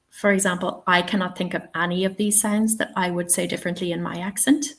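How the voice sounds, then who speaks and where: A woman's voice: on the low side, a bit bright. A woman with an Irish accent teaching an online webinar for language teachers, patient and checking in often with her listeners. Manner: patient, checks in often with "okay" and "all right". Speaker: TEFL trainer.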